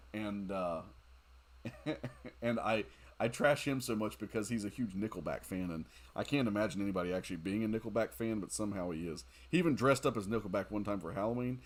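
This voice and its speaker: A man streaming a mobile game late at night, chatting casually, reading viewer comments aloud, joking and laughing often. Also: fairly low pitch. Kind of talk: casual live-stream chat while playing.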